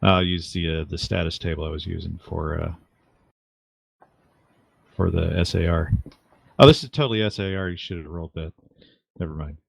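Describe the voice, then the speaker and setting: A man's voice: sits low, normal speed, gravelly, pauses often, dry recording. A man running a tabletop game as game master, thinking aloud with fillers and wry asides. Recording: dull lo-fi dry mic.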